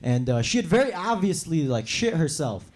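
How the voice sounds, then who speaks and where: A young man from New York doing a brash stand-up comedy set on a club stage, acting out characters in quick voices. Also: fairly high pitch, very animated. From New York City. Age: young adult.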